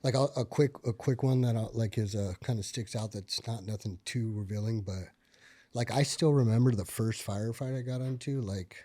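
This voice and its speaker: A man, a military veteran, telling stories from his service in a casual podcast chat, full of fillers and swearing, and getting loud and animated at the tense parts. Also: fairly low pitch, normal speed. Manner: profane, filler-heavy, gets animated and loud when reliving tense moments. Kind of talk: casual conversational storytelling.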